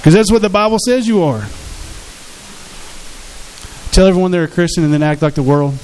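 A man's voice: sits high, lively intonation, moderate pace, darkish tone, slight background noise, rough recording. A man preaching a sermon as pastor, earnest and conversational, acting out quotes from his congregation.

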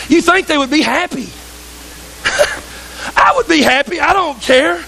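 A pastor preaches with fervent, conversational energy, tossing asides to his congregation. His voice sits very high for a man, and a faint hiss lies under the church recording. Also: expressive, normal speed, gravelly, pauses often, sharp tone, rough recording. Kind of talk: sermon.

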